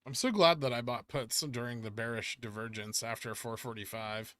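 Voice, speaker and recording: A man's voice: medium pitch, moderate pace, a bit bright, dry recording. A man hosting a casual livestream, answering viewer chat questions in a laid-back, offhand way. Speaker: livestream host reading chat.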